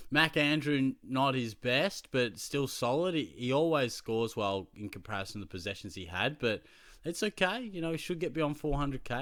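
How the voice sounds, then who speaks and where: An Australian man chatting casually as a fantasy football vlogger, telling stories in an animated way and laughing often. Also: mid-range voice, no room sound, clean studio sound. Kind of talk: casual chat.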